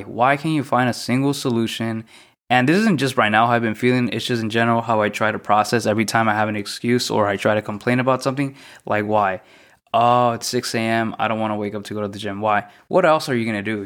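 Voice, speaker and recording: Young guy on his own podcast, kinda monotone, keeps asking himself why, mid-pitch voice. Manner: self-described monotone, reflective, repeats questions. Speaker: podcast host. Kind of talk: solo podcast monologue.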